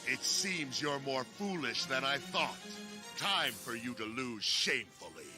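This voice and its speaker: Menacing villain, played by a man; cold taunts, lively inflection, music under. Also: mid-range voice, unhurried, natural voice. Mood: taunting. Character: calm, menacing grown male villain. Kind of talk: cartoon dub acting. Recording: dub audio with music underneath.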